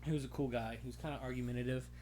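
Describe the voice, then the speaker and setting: A man's voice: mid-range voice, steady tone, racing, mellow, faint music behind. A young man co-hosting a casual podcast, rambling through a work story and laughing often. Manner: rambling, laughs and jokes a lot. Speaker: podcast co-host. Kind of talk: casual chat.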